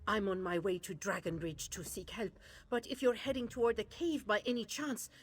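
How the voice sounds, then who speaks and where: A woman's voice: mid-range voice, moderate pace, slightly rough, dry recording, lightly acted. An actress voicing an anxious woman traveler in a video game, earnestly asking for help for her husband.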